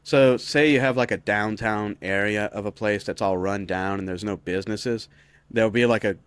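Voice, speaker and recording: A man's voice: lowish voice, moderate pace, clean tone, no echo. A man co-hosting a podcast, explaining a term to his friend in a patient, plain way. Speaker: podcast co-host. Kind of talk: casual chat.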